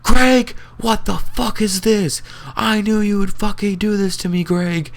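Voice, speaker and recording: A man's voice: steady tone, measured pace, creaky. A young man voicing a furious middle-aged mother who screams and swears at teenagers. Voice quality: shrill, swearing.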